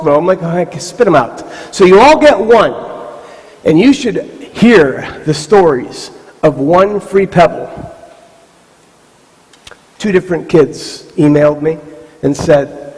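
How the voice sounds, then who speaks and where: Animated high-voiced man in a reverberant hall. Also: moderate pace. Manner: animated storytelling with voiced asides. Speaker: motivational speaker. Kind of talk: live motivational talk to a youth camp. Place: large hall with live audience. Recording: stage mic in a reverberant hall.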